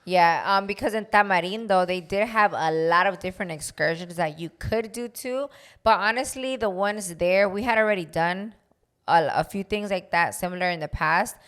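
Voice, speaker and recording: A woman's voice: lowish voice, normal speed, a bit bright, clean tone. A woman co-hosting a podcast in casual chat, laid-back and full of "like", switching into Spanish phrases now and then. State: tired after a flight. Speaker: podcast co-host.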